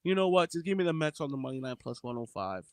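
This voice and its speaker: A man co-hosting a sports betting podcast, giving his picks in a relaxed, informal way with casual slang. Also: fairly high pitch, fast talker, no room sound. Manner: laid-back, informal Southern-style slang.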